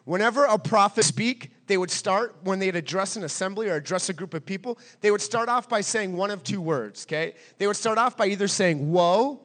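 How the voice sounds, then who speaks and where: A pastor delivers a forceful sermon, hammering his points home through repetition and questions aimed at the congregation. His voice is high for a man, a bit bright, and runs a little fast with barely any pauses, ringing with the long reverb of a large hall.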